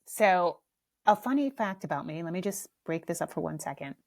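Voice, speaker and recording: Brief: middle-aged woman, podcast host, casual comic storyteller, animated and self-mocking. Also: lowish voice, moderate pace.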